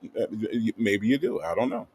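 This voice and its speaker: A man's voice: on the low side, huge pitch swings, normal speed, vocal fry, a little mellow, husky, dry recording. A man from the American South, hosting a livestream in a casual, upbeat way and greeting viewers by name with playful asides. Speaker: livestream host. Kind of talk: casual chat reading live comments.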